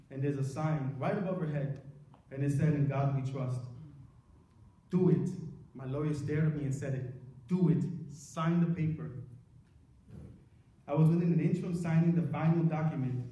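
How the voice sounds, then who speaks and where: A middle-aged man giving an earnest personal testimony to a church congregation, telling his story with dramatic pauses. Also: on the high side, mellow, muffled recording. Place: large church sanctuary. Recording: very echoey church, mic far off.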